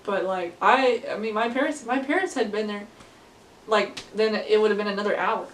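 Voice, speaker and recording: A woman's voice: mid-range voice, moderate pace. A young woman in her late teens telling a story casually to camera, rambling with lots of fillers and laughing often. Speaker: vlogger. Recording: echoey room, distant from mic.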